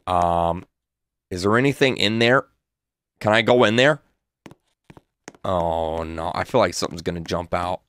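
A man playing a horror game and commenting, muttering nervously and repeating himself. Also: fairly low pitch. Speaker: gaming YouTuber. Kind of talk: let's play commentary.

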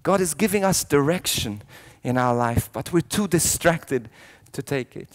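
High-voiced man preaching an animated sermon. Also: unhurried. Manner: animated storyteller, jumping between hushed lines and loud shouted quotes; frequent restarts and repeated words. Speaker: priest. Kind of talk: sermon at a youth event.

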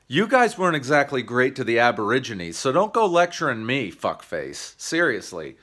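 A man's voice: medium pitch, big pitch swings, normal speed, a bit bright. An American man ranting profanely into the camera for his comedy channel, combative and sarcastic. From United States. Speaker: YouTube comedian. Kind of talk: ranting video monologue.

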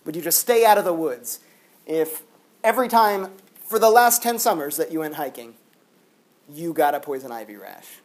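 A man's voice: fairly high pitch, moderate pace, pauses often. A man lecturing a classroom in a casual, chatty way, full of "like" fillers. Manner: chatty, animated, lots of "like" fillers. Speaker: university philosophy lecturer.

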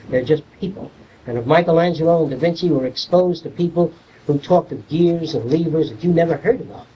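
A man's voice: fairly high pitch, a little hiss or hum. Blunt older man lecturing on old tape. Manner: blunt, salty, animated storytelling. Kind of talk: informal lecture. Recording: distant, muffled 1970s archive tape.

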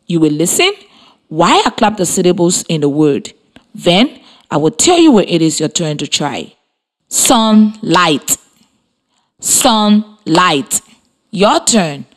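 A woman with a Liberian English accent, teaching a scripted radio lesson for children and spelling words out slowly letter by letter. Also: lowish voice, very animated.

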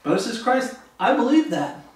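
A man with a high voice preaches a fervent Bible study and acts out the voices of the people he quotes. He stands some way from the mic. The room around him is very echoey. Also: very animated, normal speed, far from the mic, a little hiss or hum. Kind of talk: sermon.

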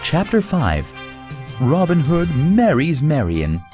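An expressive male narrator reads an audiobook aloud for learners, his intonation rising and falling widely. He tells the story with clear, deliberate phrasing. Faint music plays in the background. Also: on the high side. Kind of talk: audiobook reading for English learners.

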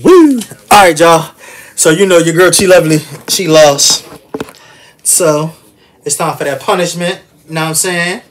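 Seorang wanita muda yang membuat vlog di rumah, membual dengan keras dan mengejek temannya sambil bercanda. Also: female voice, sits low, steady tone, normal speed, slight background noise. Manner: boastful, loud and teasing. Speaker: vlogger. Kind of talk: playful trash talk with a friend.

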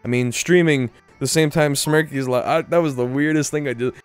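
A man's voice: fairly high pitch, fairly even intonation, moderate pace, clear, resonant tone, no echo, faint music behind. A young man streaming a game, cracking goofy jokes in rambling, filler-heavy casual chat. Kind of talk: casual live-stream commentary.

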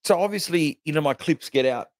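An Australian man in his forties, a comedian chatting as a podcast guest and telling stories in an animated way, often restarting with "you know". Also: fairly high pitch, fairly quick, no room sound, studio quality. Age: 40s. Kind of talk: casual podcast chat.

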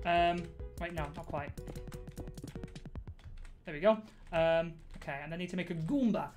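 A young woman is live-streaming a game on Twitch, her fairly low voice moving at a normal speed with a slightly mellow quality. She rambles, giggles, pokes fun at herself, and uses lots of fillers, with faint music playing behind her.

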